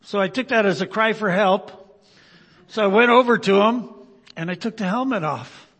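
A man preaching a sermon as pastor, earnestly checking in with "right?" and swinging between loud emphasis and quiet, low-spoken stretches. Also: moderate pace, slightly rough. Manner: frequent "right?" tag questions, earnest. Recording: long reverb of a large hall.

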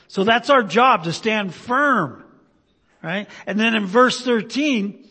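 A man preaching a sermon as pastor, earnestly checking in with "right?" and swinging between loud emphasis and quiet, low-spoken stretches. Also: measured pace, slightly rough. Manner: frequent "right?" tag questions, earnest. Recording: long reverb of a large hall.

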